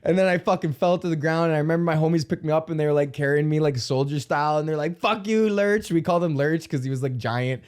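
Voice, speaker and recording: A man's voice: a little high, fairly even intonation, fast, hardly any pauses, darkish tone. A young man from Alberta, Canada, hosting a podcast, telling stories in a profane, rambling comedic rant with yelps acting out pain. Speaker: podcast host.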